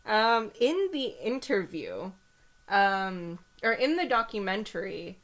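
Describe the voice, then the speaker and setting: A woman's voice: mid-range voice, sing-song, slow. A young woman co-hosting a podcast, telling a story in casual chat with a sarcastic, laughing manner. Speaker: podcast co-host.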